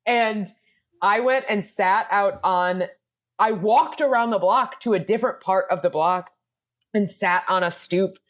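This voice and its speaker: A woman's voice: medium pitch, a little slow. A young woman, a comedian guest on a podcast, telling a rambling, self-deprecating story in casual chat.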